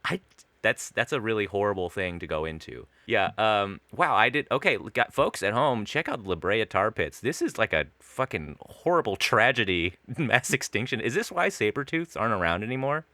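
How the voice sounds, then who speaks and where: An excitable man co-hosting a podcast, his voice swinging up and down with a bright edge. He swears freely and laughs often. The sound is dry and close. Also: fairly low pitch, moderate pace, no room sound. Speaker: podcast co-host. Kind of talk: casual chat.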